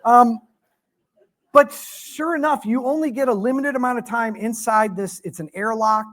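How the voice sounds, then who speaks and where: A man telling a story as a guest lecturer in a museum hall, animated and quick to joke at his own expense. He moves from hushed moments to eager bursts as he narrates his research trip. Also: extremely high pitch. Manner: animated, self-deprecating humor.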